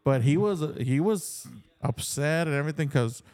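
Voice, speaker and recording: A middle-aged man co-hosting a casual podcast chat, telling a lively story and laughing often. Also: on the high side, moderate pace. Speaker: podcast co-host.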